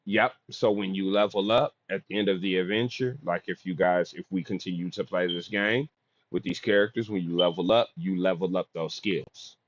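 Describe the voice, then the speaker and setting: Male game master, low voice, casual and profane, lo-fi recording. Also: moderate pace. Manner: casual, swears freely. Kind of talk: narrating a tabletop game.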